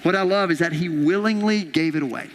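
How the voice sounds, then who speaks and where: A male pastor delivers an energetic sermon, retelling a Bible story and slipping into the voices of its characters. His voice sits high for a man and carries a long reverb from a large church hall. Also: brisk. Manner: animated storytelling, acting out the characters' lines. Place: church auditorium.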